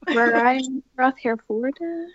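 Woman, casual game chat, slow drawn-out talk, high pitch. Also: slightly rough, no echo, muffled recording. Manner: giggly, repeats phrases slowly while puzzling. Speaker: game player.

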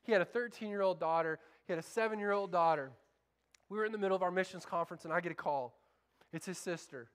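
A man's voice: high voice, fast, fairly bright tone, smooth. A man preaching a sermon as pastor, fervent and calling out to his congregation for responses.

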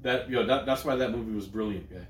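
A man's voice: on the low side, fast, a little hiss or hum. A young man co-hosting a podcast, telling stories in a loose, profane, joking casual chat. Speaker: podcast co-host. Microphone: studio microphone. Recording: roomy room echo.

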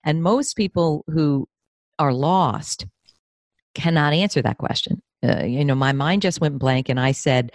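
A woman's voice: measured pace, no echo, studio quality. A woman in her fifties from New York State, a therapist and career coach, talking candidly and with feeling in an interview. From New York State, USA. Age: 50s. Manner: emotional, expressive, pitch rises when moved.

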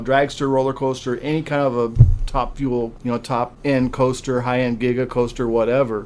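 Man telling a lively ride story. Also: medium pitch, a little hiss or hum. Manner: animated storyteller who acts out quoted voices; emphatic and repetitive when making a point. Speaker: guest, former theme park employee. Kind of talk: casual podcast storytelling.

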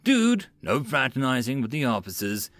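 A man's voice: medium pitch, big pitch swings, moderate pace, a bit bright, dry recording. A man voicing a male soldier who teases his friend in a dry way in an audiobook. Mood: dry teasing. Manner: dry teasing.

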